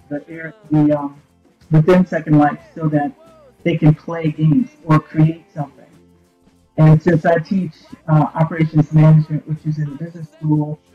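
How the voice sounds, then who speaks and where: A woman's voice: low voice, lo-fi sound. A woman who teaches business, answering interview questions hesitantly from a computer mic held too far away. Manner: hesitant, many fillers.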